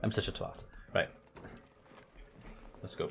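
A man's voice: slow, a bit bright, a little hiss or hum. A man chatting casually on a gaming live stream. He jokes, swears freely and talks to his viewers as he goes.

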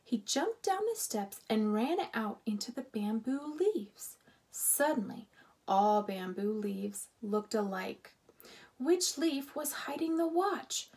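A woman reading a children's book aloud as narrator, expressive and unhurried. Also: on the high side.

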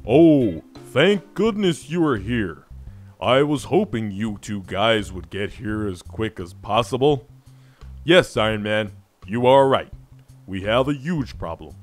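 A man voicing a male camp master in an improvised game role-play, speaking in a very slow, drawn-out and monotonous way. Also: fairly low pitch, soft background music. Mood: worried.

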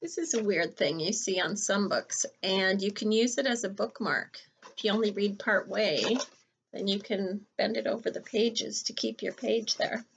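A woman, a teacher reading a picture book aloud to children in a gentle, chatty way. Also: mid-range voice, moderate pace, gravelly, a little hiss or hum.

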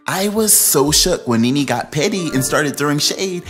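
A man giving gossip commentary as a vlogger, animated and slangy, laughing as he talks. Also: a little high, normal speed, soft background music. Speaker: entertainment vlogger.

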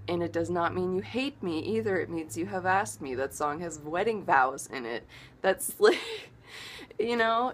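A half-German woman vlogging in an emphatic, exasperated rant full of swearing. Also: lowish voice. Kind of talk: casual video rant.

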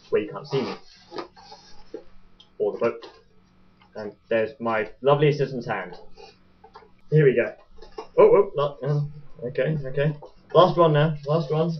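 A man's voice: medium pitch, animated, normal speed, long pauses. A young man chatting casually as he unboxes a toy boat, rambling and joking to his webcam. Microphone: webcam mic. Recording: dull lo-fi webcam audio.

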